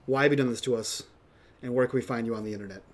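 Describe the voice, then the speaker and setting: A male host signing off a game stream in an upbeat, energetic way. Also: medium pitch, racing, crowd noise. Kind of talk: stream sign-off.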